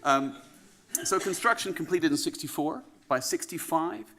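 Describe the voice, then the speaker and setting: A man with a Canadian accent giving a relaxed, wry welcome speech as conference host, with frequent "um" fillers. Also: a little high, moderate pace. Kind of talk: welcome address. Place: conference venue in a tower.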